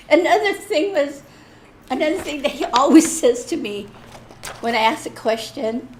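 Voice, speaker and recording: A woman sharing a personal story at a church service in a lively, self-mocking way. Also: high voice, unhurried, creaky, pauses often, a little hiss or hum. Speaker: church speaker. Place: church hall.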